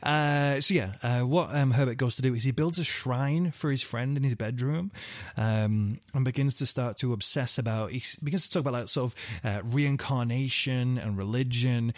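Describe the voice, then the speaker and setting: A man's voice: medium pitch, moderate pace, few pauses, no room sound, studio quality. A man hosting a true-crime podcast, telling the story in a loose, rambling way with lots of fillers and offhand swearing. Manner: rambling, full of fillers and asides, swears casually. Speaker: podcast host.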